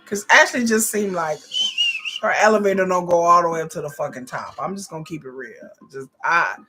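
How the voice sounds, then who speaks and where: A woman's voice: on the low side, fairly quick, bright, forceful tone, faint music behind. A woman in her forties recapping a reality show, blunt and profane, exasperated and repeating herself when riled. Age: 40s. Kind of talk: casual live episode commentary.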